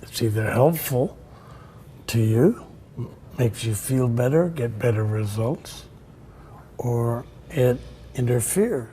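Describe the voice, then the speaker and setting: Older male coach, interview guest, unhurried and reflective, mid-pitched, voices the people in his anecdotes. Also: animated, dark tone, slight background noise. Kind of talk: storytelling in a conversation.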